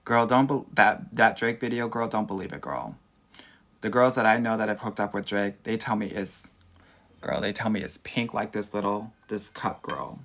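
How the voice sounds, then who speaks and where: A man's voice: lowish voice, moderate pace, a bit bright. A man from Southern California with a Valley accent, a dating coach doing a casual livestream Q&A, sassy and campy, calling everyone "girl.". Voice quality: creaky.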